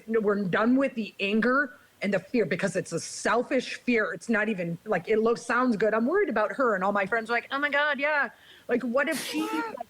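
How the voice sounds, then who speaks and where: A woman's voice: medium pitch, low-quality recording. This is a woman speaking as a guest on a recovery podcast. She tells a personal story with candor and emotion. She keeps reaching out to her listeners with "right?" and "you guys".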